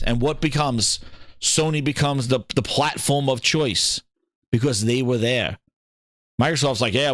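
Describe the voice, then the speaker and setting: A man hosting a gaming show, talking in casual, opinionated commentary. He swears freely, mocks other people in put-on voices and gets excited as he reads. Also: medium pitch, dry recording, clean studio sound. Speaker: gaming podcast host.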